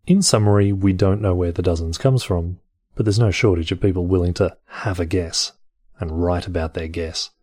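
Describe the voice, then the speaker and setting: A man reads a text aloud in a low, husky, mellow voice, breaking off for wry, sarcastic asides. The sound is dry and close, with no room echo. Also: fairly even intonation, normal speed. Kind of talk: comic reading aloud.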